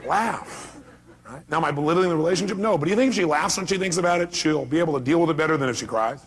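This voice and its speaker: A man's voice: a little high, very fast. A middle-aged man giving a motivational seminar talk, emphatic and quizzing the audience with questions. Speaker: motivational speaker.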